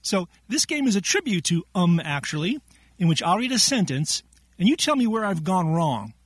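Man, quiz host, jokey, laughs often, high lively voice, husky. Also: moderate pace, no room sound. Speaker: quiz segment contributor. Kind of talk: playful quiz hosting.

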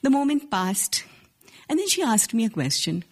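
A woman in her forties from India with an Indian accent, telling a personal story live on stage in an earnest, measured way with small restarts. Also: fairly high pitch, very animated, breathy edge. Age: 40s. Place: stage before a live audience.

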